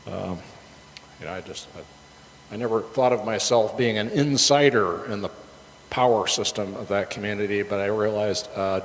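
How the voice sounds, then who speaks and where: A man's voice: fairly low pitch, moderate pace. A middle-aged man preaching a sermon as a casual story, chatty and rambling, with many fillers and restarts. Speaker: pastor. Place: church sanctuary. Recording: reverberant hall with faint background noise.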